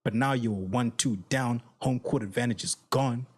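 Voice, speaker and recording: A man with a medium-pitched, slightly rough voice speaks at normal speed while hosting a sports reaction channel. He rants heatedly and profanely straight at his viewers, repeating his points to stress them.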